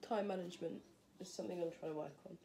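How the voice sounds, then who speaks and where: A woman's voice: fairly low pitch, steady tone, racing, creaky, heavy background noise. A young woman, a fashion design student, chatting casually and thinking aloud while she works on a project, often poking fun at herself. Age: young adult. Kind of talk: casual vlog narration while crafting.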